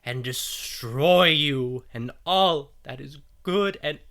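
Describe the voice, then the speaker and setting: A man doing a grand, slow-preaching cult leader. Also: fairly high pitch, pushed and bright, pitched above the performer's own voice, exaggerated voice. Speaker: game master. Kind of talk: tabletop game narration.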